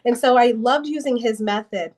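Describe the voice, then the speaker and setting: A woman's voice: a little high, normal speed, darkish tone. A young adult woman telling her faith story as a guest in an interview, earnest and emotional, with many restarts. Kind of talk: personal testimony in an interview.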